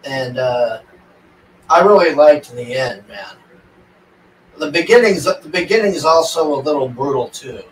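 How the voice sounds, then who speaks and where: A man's voice: a little high, expressive, unhurried, long pauses. A man casually recapping a movie plot for his viewers, rambling and swearing, with lots of "like" and "and all this". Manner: rambling, profane, heavy filler words. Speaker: vlogger reviewing a movie. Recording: roomy, distant mic with faint ambient noise.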